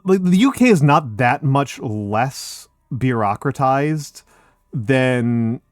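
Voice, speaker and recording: A man's voice: medium pitch, expressive, takes it slowly, no echo, studio quality. An American man on a voice call, rambling and swearing in casual chat, laughing often. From United States. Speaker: streamer.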